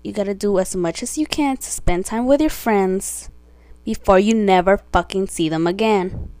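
A teenage girl rants to the listener in a brash, profane, indignant way, her voice sitting at an ordinary pitch. The sound is close and dry, with no room echo around her. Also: normal speed, darkish tone. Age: teens. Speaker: podcast vlogger. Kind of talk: casual ranting monologue.

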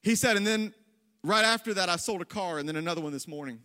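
A young man preaches to a congregation in a high, bright voice. He tells his story with animated energy and pushes toward near-shouting on the points he wants to land. The sound rings out with a long reverb from a large church hall. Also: quick pace. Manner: animated, rises to near-shouting on key lines. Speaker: pastor. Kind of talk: sermon storytelling.

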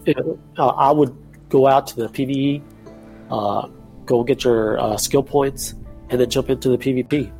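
A man's voice: mid-range voice, steady tone, normal speed, darkish tone, soft background music. A man from Texas, a podcast guest giving laid-back gaming advice. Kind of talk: casual gaming podcast chat.

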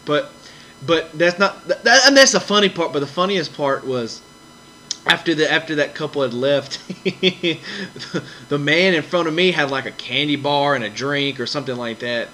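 A man hosting a podcast, telling a story in a casual, animated way and acting out the people in it with raised voices. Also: fairly high pitch, moderate pace, slight background noise, rough recording. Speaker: podcast host.

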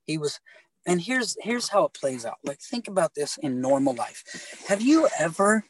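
A middle-aged man telling his faith story in casual talk, animated and halting, often repeating words and restarting. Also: on the high side, slight background noise, low-quality recording. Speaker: guest telling his testimony.

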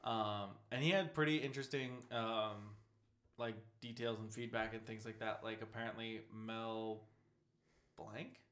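A man's voice: lowish voice, fairly even intonation, unhurried, a bit bright, echoey room. A young man in casual chat, rambling, laughing often and swearing offhandedly.

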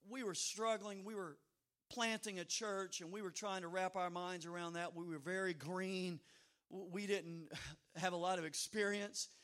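A middle-aged man preaching as pastor, telling stories with humorous asides and sudden loud outbursts. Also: high-pitched. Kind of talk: sermon.

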